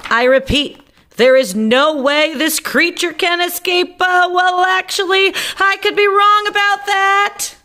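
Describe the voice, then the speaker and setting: Storybook role: a high, squeaky, money-hungry male mouse scientist, as a woman puts him on. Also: expressive, slow pace, fairly bright tone, full character voice. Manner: squeaky and showy.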